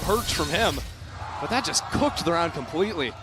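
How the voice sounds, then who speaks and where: A man giving color commentary on a tournament match, lively with quips and vivid praise. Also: on the high side, normal speed, over music. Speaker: esports caster.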